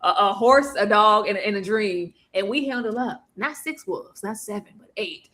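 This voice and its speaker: A woman co-hosting a casual episode recap, animated and laughing as she acts out characters' lines. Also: mid-range voice, moderate pace. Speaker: podcast co-host.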